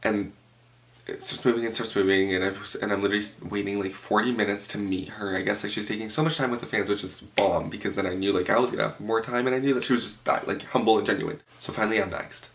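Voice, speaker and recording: A young man telling an animated, profane story at home, full of "like" fillers. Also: fairly low pitch, fast talker. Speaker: vlogger. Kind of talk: storytime vlog. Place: home room with a cloth backdrop.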